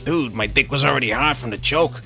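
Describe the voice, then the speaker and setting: A man's voice: mid-range voice, a little fast, vocal fry, sharp tone, faint music behind. A man voicing a boastful, profane young party bro in a comic promo sketch. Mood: bragging. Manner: laid-back bragging, profane.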